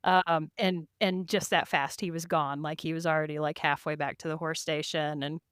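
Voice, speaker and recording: This podcast guest, an endurance race rider, casually recounts her rides in an interview, laughing along and filling her speech with "like" and "you know." Her low-pitched voice is steady, clear, resonant, and a bit bright, at a moderate pace. The studio recording has no echo.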